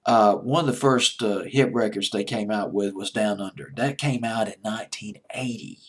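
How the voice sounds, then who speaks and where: A man with a Southern American accent hosts a music countdown, his lowish, slightly rough voice moving at a normal speed. He rambles and chats as he recalls old hit records, poking fun at himself along the way in casual music commentary.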